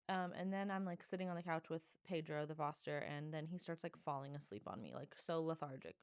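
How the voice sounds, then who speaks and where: A woman hosting her own podcast, telling a story in a casual, animated way, full of "like" and dramatic asides. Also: deep voice, fairly quick, clean tone, no echo, studio quality. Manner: animated, dramatic, filler-heavy with lots of "like". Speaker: podcast host.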